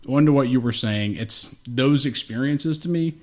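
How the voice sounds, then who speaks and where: A man's voice: medium pitch, moderate pace, a little mellow. A young man co-hosting a podcast, telling rambling stories in casual, heavily profane chat. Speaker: podcast co-host.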